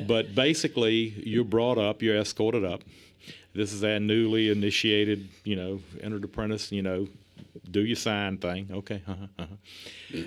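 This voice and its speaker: In a casual chat, a middle-aged man with a lowish voice tells stories, chuckling and animated. He acts out the lines he quotes.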